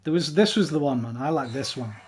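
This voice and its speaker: A man's voice: fairly high pitch, lively intonation, a little fast, background noise. A man chatting casually while streaming a game, humming snippets and swearing freely. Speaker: streamer playing a survival game. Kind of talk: casual chat over music videos.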